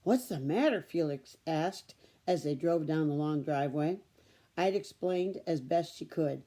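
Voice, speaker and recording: A woman reading a children's chapter book aloud in a steady storytelling manner. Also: low-pitched, a little slow. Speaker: storybook reader.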